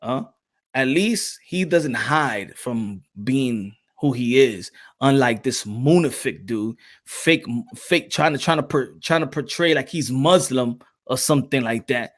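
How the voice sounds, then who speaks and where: A man's voice: mid-range voice, expressive, measured pace. A man hosting a boxing podcast, blunt and profane in casual chat.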